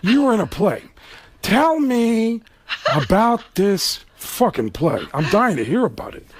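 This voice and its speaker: A man's voice: high voice, big pitch swings, a little slow, background noise, voice pushed up. A man doing an impression of a weary, menacing older male movie star, growling and drawn out. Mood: menacing sarcasm.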